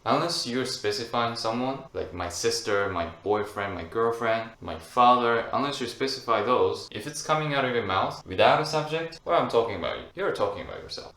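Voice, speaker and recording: A man with a Japanese accent explaining points patiently in an online lesson, repeating phrases slowly for learners. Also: mid-range voice, fairly bright tone. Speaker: Japanese language teacher. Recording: echoey room with faint noise.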